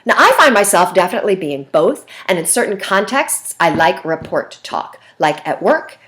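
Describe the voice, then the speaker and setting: Animated woman giving a video lecture. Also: on the low side, moderate pace. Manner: animated, expressive, talks with her hands; acts out phone calls in lively voices. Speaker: communication instructor.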